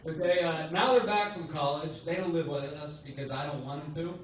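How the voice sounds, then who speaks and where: A man in his sixties performs stand-up, venting about his family with a steady stream of curses. His voice sits slightly high for a man. The sound comes from a distance in a very echoey club, under loud background noise. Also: a little fast. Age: 60s. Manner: profane, exasperated ranting. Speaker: stand-up comedian. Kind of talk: stand-up set. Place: comedy club stage.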